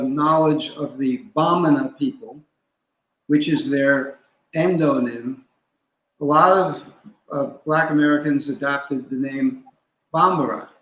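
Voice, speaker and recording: A man gives a measured, instructive explanation, taking his time over each point. His voice sits a little high for a man. The recording picks up a roomy echo around him. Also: fairly bright tone. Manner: deliberate, instructive, spells out terms. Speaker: guest scholar. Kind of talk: teaching in a conversation.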